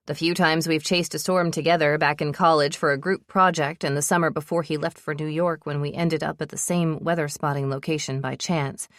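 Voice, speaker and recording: A woman's voice: deep voice, no room sound, clean studio sound. A woman narrating a romance audiobook in first person, telling the story with breathless urgency.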